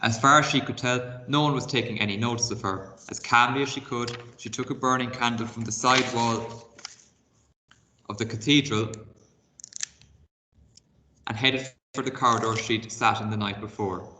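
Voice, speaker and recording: A man's voice: mid-range voice, fairly even intonation, moderate pace, long pauses, sharp tone, a little hiss or hum. A man teaching a primary class by video, reading a novel aloud with expression and stopping to explain words and set reading tasks.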